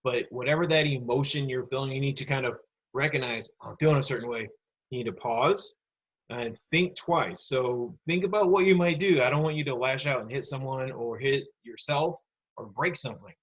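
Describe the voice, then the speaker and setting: A man with a slightly husky voice teaches a recorded lesson for students. His pitch sits in the middle for a man. He explains step by step and speaks straight to the kids into a computer mic. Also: moderate pace, fairly bright tone, highs cut off. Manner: patient, explanatory, addresses kids directly.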